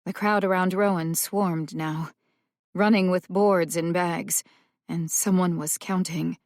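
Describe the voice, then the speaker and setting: A woman narrating a suspense audiobook in a slow, measured way, drawing out the tension. Her voice sits somewhat low. The recording is close and dry, with no room sound. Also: fairly even intonation, darkish tone, no room sound. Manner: measured, tense storytelling. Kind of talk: scripted narration.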